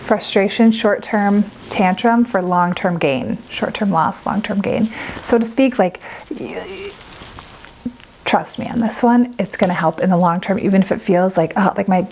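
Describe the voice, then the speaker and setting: A woman's voice: medium pitch, measured pace, darkish tone, a little hiss or hum, poor audio. A young adult woman giving casual, earnest parenting advice to camera, chatty and full of filler words. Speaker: parent vlogger.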